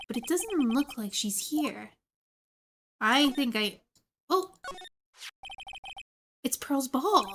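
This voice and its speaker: A woman streaming a game, chatting and giggling with her viewers. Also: on the high side. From United States. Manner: chatty and giggly, talking to chat. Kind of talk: casual game stream chat.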